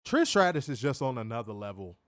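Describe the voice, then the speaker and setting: Man, co-host, casual chat, swears a lot, very animated pitch, dry close sound. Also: fairly quick, dry recording. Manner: loud, profane storyteller who laughs often. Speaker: wrestling show co-host.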